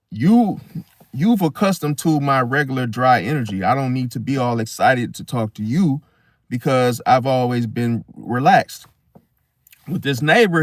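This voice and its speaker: A man speaks in a loose, conversational monologue at an ordinary middle pitch. He repeats himself and drops to a soft "see?" at the end of his points. The sound is dry and close, with no room echo. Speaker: astrology video host. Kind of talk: casual monologue.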